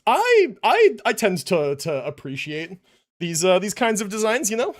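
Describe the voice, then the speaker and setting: Still winded from doing push-ups, a young livestreamer talks in a high-sitting voice with big pitch swings at a measured pace. The casual chat from his home room is loose, packed with fillers and restarted sentences. His desk mic catches him unevenly as he drifts away from it.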